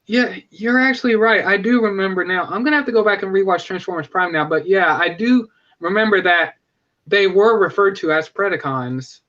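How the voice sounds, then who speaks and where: A man's voice: high-pitched, a little fast, a bit bright, highs cut off. A man hosting a live stream, chatting casually and enthusiastically, often correcting himself mid-sentence. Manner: rambling, self-correcting, enthusiastic. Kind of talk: casual fan chat.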